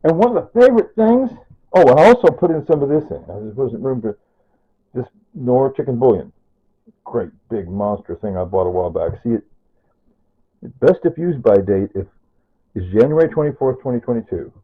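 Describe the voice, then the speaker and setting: A man's voice: mid-range voice, big pitch swings, moderate pace, breathy edge. A man chatting casually about his home cooking, rambling, repeating himself and correcting himself as he goes. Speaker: cooking vlogger. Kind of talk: rambling casual kitchen talk. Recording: tinny phone-like audio.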